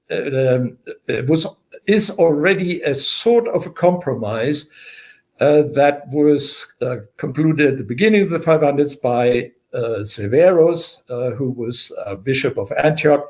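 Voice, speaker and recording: An older man, a historian as the guest of an interview, explaining in a measured way with many filler pauses. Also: mid-range voice, darkish tone. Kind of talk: unscripted interview.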